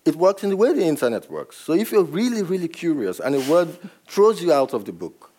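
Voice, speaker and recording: A man's voice: a little high, very animated, a little fast, dark tone. A man from Nigeria, a novelist, answering audience questions at a book event and often laughing as he explains. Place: event room with a live audience.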